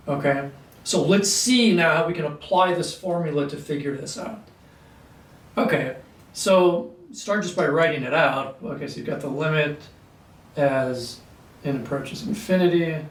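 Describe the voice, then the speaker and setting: Guy teaching calculus, slightly high voice, keeps clearing his throat, echoey room far from the mic. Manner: frequent throat clearing and filler words. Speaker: math teacher. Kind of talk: whiteboard calculus lecture.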